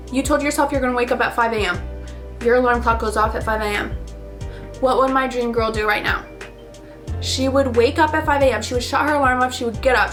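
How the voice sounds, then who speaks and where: A high-pitched young woman in her twenties talks straight to her audience in a chatty, animated way. She acts out little scenes and swears casually while she coaches. Faint music runs quietly underneath. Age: 20s. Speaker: vlogger. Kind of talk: casual motivational talk.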